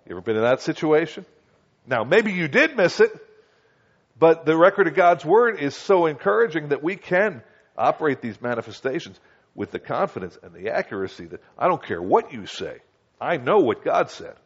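A man preaching a conversational Bible teaching, often checking in with his listeners and slowing down to read scripture. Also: very animated, breathy edge. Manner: conversational, asks listeners "Okay?" and "do you understand?"; reads scripture slowly and acts out quoted voices higher. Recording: dull lo-fi recording.

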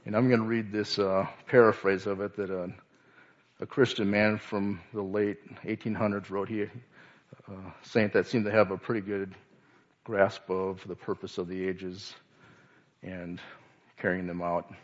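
A man giving an informal sermon, halting, with many restarts and fillers. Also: deep voice, flat delivery, highs cut off. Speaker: lay speaker.

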